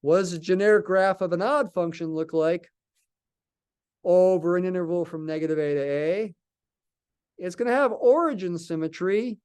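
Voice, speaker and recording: Man, math lecturer, slightly high voice, live classroom lecture, thinks aloud, answers his own questions. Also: moderate pace, a little mellow, smooth.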